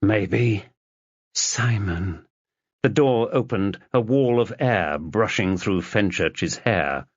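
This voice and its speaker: A man narrating an audiobook in a measured storytelling manner, in a dull lo-fi recording. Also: lowish voice, no room sound. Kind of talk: scripted narration.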